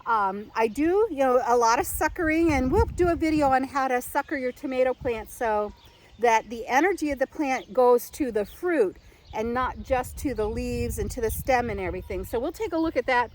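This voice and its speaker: A woman's voice: high voice, animated, moderate pace, slight background noise, poor audio. An older woman gives a rambling, casual how-to chat outdoors in her home garden, full of fillers and restarts, speaking to a camera she set up herself. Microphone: camera set up and angled by herself.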